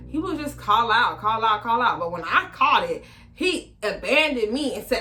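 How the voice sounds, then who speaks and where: Slangy woman telling a storytime, bright voice. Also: moderate pace. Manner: animated, acts out quoted voices with big pitch jumps; slangy, frequent fillers. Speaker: storytime vlogger. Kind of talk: casual storytelling.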